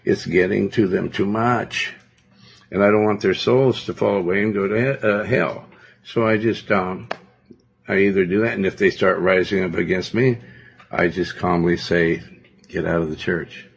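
A man's voice: deep voice, fairly even intonation, normal speed, gravelly, slightly rough. A male pastor preaching a sermon in a domineering, rambling way, full of fillers. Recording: dull lo-fi recording.

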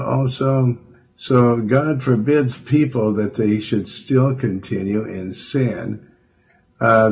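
Male radio preacher, low husky voice, halting Bible teaching with lots of fillers. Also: darkish tone. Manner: halting, full of fillers, slows to stress words.

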